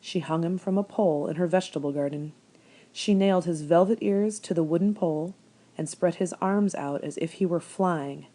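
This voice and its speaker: Lady reading a kids' book out loud, fairly low voice, calm and steady. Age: adult. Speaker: reader. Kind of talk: storybook read-aloud.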